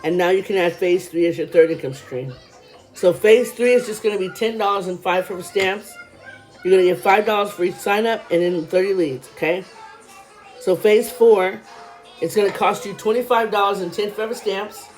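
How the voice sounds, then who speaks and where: A woman's voice: medium pitch, a little mellow, soft background music. Chatty woman vlogger, out of breath. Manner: reads figures fast, chatty asides to viewers. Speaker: vlogger reviewing a money program. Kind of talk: casual explainer talk.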